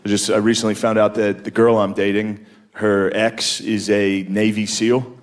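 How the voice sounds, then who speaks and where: A man's voice: on the low side, little pitch movement, normal speed. A man doing a stand-up comedy set, telling crude, self-deprecating stories and slipping into put-on voices. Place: comedy club stage before a live audience. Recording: live club recording, loud crowd laughter. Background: loud crowd laughter.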